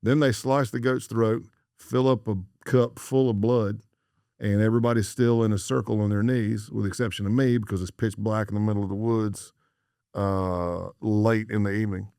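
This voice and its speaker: A middle-aged American man, formerly an undercover agent, tells a story as a podcast guest, acting out the dialogue he quotes. His fairly low, slightly mellow voice keeps a fairly even intonation at a moderate pace, recorded in clean studio sound with no echo.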